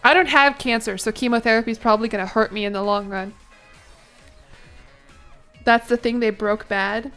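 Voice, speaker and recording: A woman streamer chatting casually with her chat while playing a game, with giggly asides and thinking out loud. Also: fairly high pitch, fairly even intonation, normal speed, long pauses, clean tone, soft background music.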